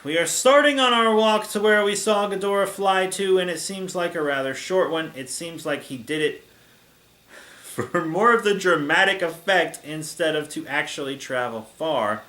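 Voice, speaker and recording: A man's voice: high-pitched, normal speed, bright, forceful tone. A man hosting a comedic reading of fan fiction, narrating and adding sarcastic, exasperated asides. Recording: echoey room.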